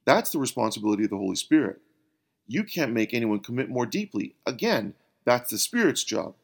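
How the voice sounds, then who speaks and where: A man voicing Jesus as a calm, patient mentor who asks gentle, probing questions. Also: mid-range voice, a little fast, vocal fry.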